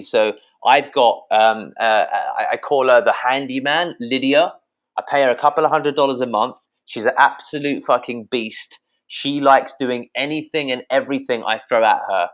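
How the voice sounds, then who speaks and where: A British man, a podcast guest, giving blunt, energetic sales advice, swearing freely and addressing listeners as guys. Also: medium pitch, normal speed.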